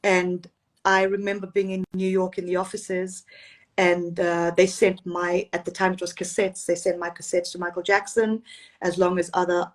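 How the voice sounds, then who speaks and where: A woman, a singer raised in Zambia and Zimbabwe, telling lively stories about her career in a casual live-streamed interview, often laughing. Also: on the low side, normal speed. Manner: warm, storytelling, laughs often.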